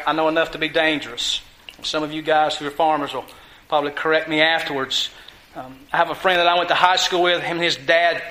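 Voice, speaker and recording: A man's voice: a little high, sharp tone. A man preaching a sermon in a folksy, conversational way, full of rhetorical questions to his church. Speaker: pastor. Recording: echoey room.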